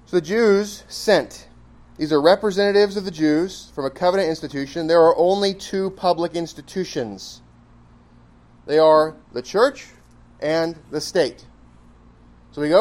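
A man leads a Bible study with a voice that sits a little on the high side for a man. He talks in a conversational, emphatic way, asking the class rhetorical questions and dropping quick asides. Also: a little mellow.

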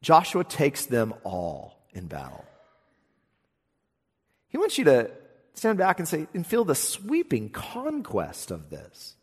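A man preaching a sermon as pastor, animated, swinging from hushed asides to emphatic declarations. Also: a little high, slow, slightly rough, in a large hall.

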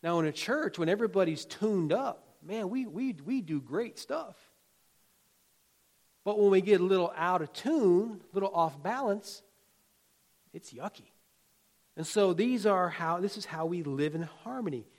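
A man preaching a sermon in a folksy, conversational way, with jokes and asides along the way. His voice sits a little higher than most men's, and he drives his points home with emphatic, rhythmic repetition. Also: lively intonation, unhurried. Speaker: pastor.

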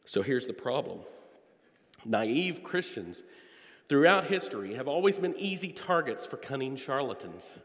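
A man's voice: mid-range voice, sing-song, a bit bright. A male preacher delivering an earnest expository sermon, drawing out key words for emphasis. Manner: earnest, emphatic, drawn-out stresses. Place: church sanctuary. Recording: long echo of a church hall.

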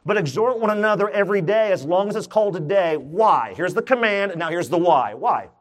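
A man's voice: sits high, animated, brisk. A man preaching a sermon, asking his congregation questions and joking as he goes. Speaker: pastor. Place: church.

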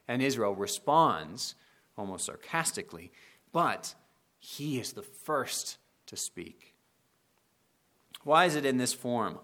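A man preaching a sermon on a scripture passage, earnest and slowing down to dwell on the quoted verses. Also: on the low side, lively intonation, a bit bright.

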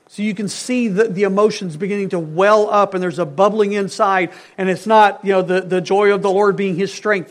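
High-voiced male pastor preaching. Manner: earnest, swings between emphatic and hushed. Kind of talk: sermon.

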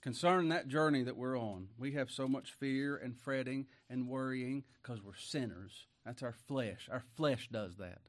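A man's voice: unhurried, few pauses. Chuckling preacher man. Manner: chuckles often, tag questions to the congregation; bursts into high exclaims. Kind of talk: folksy sermon.

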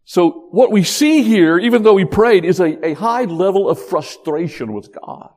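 Animated man preaching a sermon. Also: high-pitched, moderate pace. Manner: animated, emphatic, acts out quotes.

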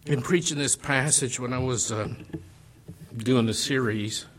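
A man with a medium-pitched voice preaches a sermon in slow, deliberate phrases, swinging between loud declarations and hushed, nearly whispered lines. There's slight background noise.

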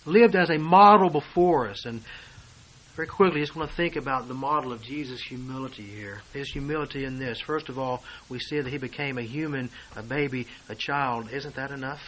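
A man preaching a sermon, reading and explaining scripture verse by verse and swinging between hushed asides and loud declarations. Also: mid-range voice, fairly quick, low-quality recording.

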